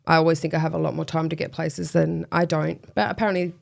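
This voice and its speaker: A woman recounts a personal story as an interview guest, chatty and full of fillers. Her voice sits somewhat low with a steady creaky fry. She laughs at herself as she goes. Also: fast talker. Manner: chatty, many fillers, self-deprecating laughs.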